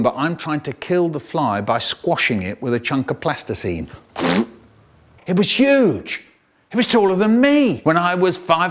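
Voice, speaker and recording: A man reading and performing comic children's poems in an expressive, playful storytelling manner. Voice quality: expressive, big swoops in pitch, playful. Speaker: children's poet reading aloud.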